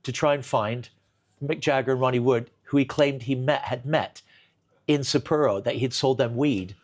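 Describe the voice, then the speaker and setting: A man telling a long comic story in a kitchen chat, animated, full of restarts and bursts of laughter. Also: mid-range voice, moderate pace. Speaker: comedian guest.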